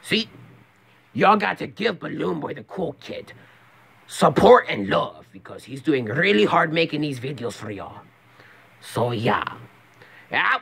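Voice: mid-range voice, gravelly, exaggerated voice. A young man voicing a brash, boastful cartoon villain who whoops and brags about himself.

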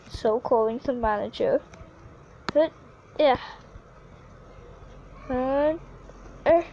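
A woman giving casual, excitable commentary on her own gameplay, yelping whenever she falls. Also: high-pitched, highs cut off, slight background noise. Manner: chatty and excitable, yelps when falling. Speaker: gaming YouTuber.

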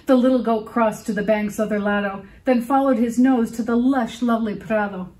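A woman librarian reading a picture book aloud to children, expressive and stopping to ask them questions. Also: mid-range voice, normal speed, hardly any pauses, slight background noise, rough recording.

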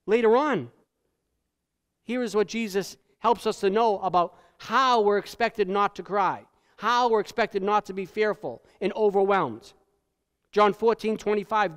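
High-voiced preacher in a reverberant church. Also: male voice, measured pace. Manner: emphatic, swings between loud peaks and hushed lows. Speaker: pastor. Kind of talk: sermon. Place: church sanctuary. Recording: long church hall reverb.

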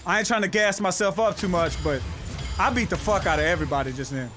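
Brief: male gaming streamer, very high and lively voice, profane and loud, game music blaring behind. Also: fast. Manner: loud, profane, yells during fights. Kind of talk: live gameplay commentary.

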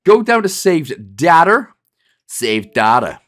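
A man's voice: a little high, big pitch swings, slow pace, a bit bright. A man hosting a game walkthrough, talking playfully and joking with made-up wordplay. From Wales. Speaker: gaming guide host.

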